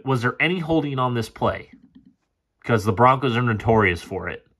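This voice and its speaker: A man's voice: mid-range voice, expressive, normal speed, fairly bright tone. A man casually breaking down football game film, frustrated and sarcastic and swearing often. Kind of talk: casual play-by-play film commentary.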